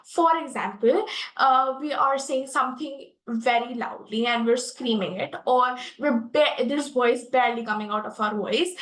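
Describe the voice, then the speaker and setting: A young woman with an Indian English accent gives a lesson on public speaking. Her voice sits high, and she talks earnestly, stumbling through fillers and restarts. The room around her sounds echoey. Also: fairly bright tone. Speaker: guest expert speaker.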